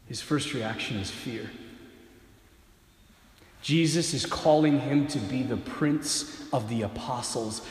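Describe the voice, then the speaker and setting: A man preaching a sermon who tells the story dramatically and swings from loud to hushed. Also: mid-range voice, slow, pauses often. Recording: echoey hall with long reverb.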